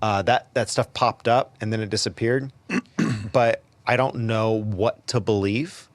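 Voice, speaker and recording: A man's voice: on the low side, steady tone, measured pace, no room sound. Opinionated podcast host man, dry sound. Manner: opinionated, stammers into repeated words. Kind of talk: casual opinion commentary.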